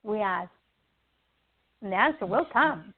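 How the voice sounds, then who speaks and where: A woman's voice: medium pitch, measured pace, slightly rough. A woman guest on a podcast, talking through everyday lessons in a casual teaching style, acting out little scenes and checking in with "okay?". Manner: animated, acts out little scenes in quoted voices; repeats "okay?" to check in with the listener. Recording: tinny phone line.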